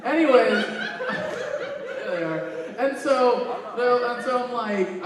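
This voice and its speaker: A man's voice: sits high, unhurried, a crowd in the background. A man doing stand-up comedy at a convention, telling crude stories and acting out the quoted lines. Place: convention panel room. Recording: echoey hall, mic from far off.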